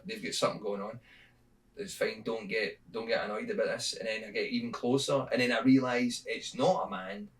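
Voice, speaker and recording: A Scottish man tells a shaggy-dog joke on a podcast in a rambling, swearing, chatty way. His voice sits at an ordinary middle pitch and sounds slightly distant from the microphone. It is loose, unscripted comedy talk. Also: a bit bright. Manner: rambling storyteller, swears freely, bursts into laughter. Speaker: comedian guest. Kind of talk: casual podcast chat.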